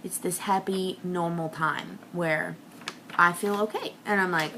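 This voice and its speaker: Bright-voiced woman ranting comically. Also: steady tone, unhurried, slight background noise. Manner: ranting, self-mocking, swings between whispers and high outbursts. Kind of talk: confessional comic monologue.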